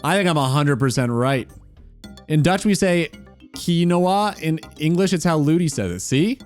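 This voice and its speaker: A man's voice: fairly high pitch, expressive, moderate pace, faint music behind. A man chatting casually on a gaming stream, teasing and mock-incredulous.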